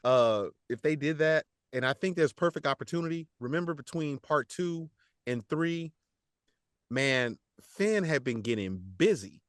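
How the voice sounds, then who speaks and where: A man who works as a voice actor, talking casually in a podcast interview, animated and slangy, laughing often and repeating words as he goes. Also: fairly high pitch, measured pace, dry recording, studio quality. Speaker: voice actor guest.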